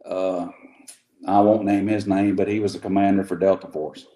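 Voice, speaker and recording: A man's voice: low voice, little pitch movement, normal speed, warm tone. A man, a guest who builds custom rods, talking in a laid-back, plain-spoken way. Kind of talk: casual interview chat. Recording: roomy echo.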